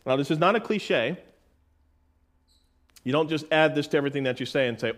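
A middle-aged man preaching a sermon in a folksy way, calling listeners "folks" and reading scripture slowly and with emphasis. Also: mid-range voice, lively intonation. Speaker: pastor.

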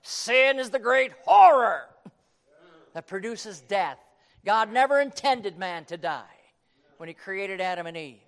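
A man preaching a sermon, quoting scripture and swinging from hushed tones to shouting. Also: high-pitched, lively intonation, a little slow, vocal fry. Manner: quotes King James scripture.

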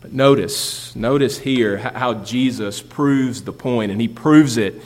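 A man's voice: mid-range voice, measured pace. A man preaching a sermon as pastor, building emphasis and asking rhetorical questions. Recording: long reverb of a large hall.

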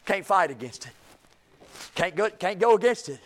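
A man preaching a sermon, shouting key points and dropping low at the ends of phrases. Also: lively intonation, normal speed. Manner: folksy, emphatic preaching with sudden shouts and drops to low trailing endings.

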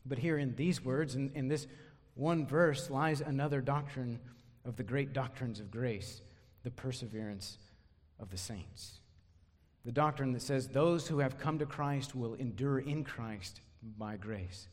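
Emphatic preacher in a reverberant hall. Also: male voice, mid-range voice, a little slow. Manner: emphatic, repeats words when stressing a point. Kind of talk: expository sermon.

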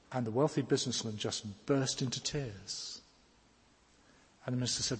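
A man delivers an earnest, pleading sermon. His voice is husky and mid-pitched. It rings out with a long reverb, as if in a large church hall. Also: fairly even intonation, moderate pace. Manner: earnest, pleading, rising to emphatic questions. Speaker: preacher. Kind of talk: sermon with storytelling.

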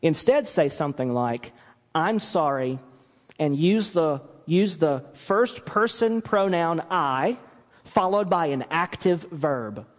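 Speaking slowly, this pastor preaches with great energy in a slightly high voice whose pitch swells and dips to press each point. He performs short mock apologies along the way, and the sermon echoes with the lengthy reverb of the church sanctuary.

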